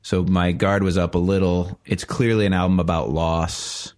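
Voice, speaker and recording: A man on a podcast panel giving a thoughtful, measured opinion in casual chat. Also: low voice, flat delivery, a little mellow.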